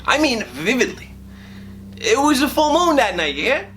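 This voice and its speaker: A man's voice: extremely high pitch, sing-song, unhurried, exaggerated voice. An actor playing a rambling, crude construction foreman, stammering through a mock true-crime interview. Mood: excited.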